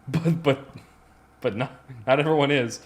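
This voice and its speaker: A man's voice: mid-range voice, slow pace. A man co-hosting a podcast, telling stories in a casual, rambling way with lots of restarts and fillers. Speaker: podcast co-host. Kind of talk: casual chat.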